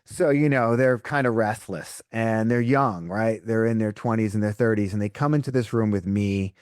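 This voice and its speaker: A man's voice: fairly low pitch, moderate pace, clean tone, no room sound, studio quality. A man, a breathwork coach, telling stories in a podcast interview and acting out what people said to him. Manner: animated storyteller acting out quotes. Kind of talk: conversational storytelling interview.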